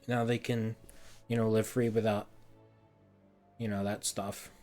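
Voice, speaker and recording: A man's voice: on the low side, flat delivery, measured pace, a little mellow, soft background music. A man streaming a heated game review, ranting and swearing often, repeating words in frustration.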